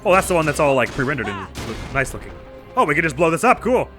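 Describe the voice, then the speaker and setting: A man's voice: a little high, very animated, fast talker, music in the background. A man hosting a let's play, chatting playfully over the game and making goofy sound effects. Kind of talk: gameplay commentary.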